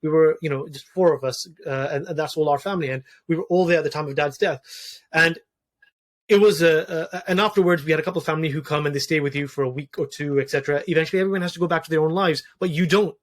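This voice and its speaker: A man's voice: a little high, quick pace. A man in his thirties talking earnestly about personal grief in a conversation, often restarting and repeating words. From Wales. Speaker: podcast guest, doctor.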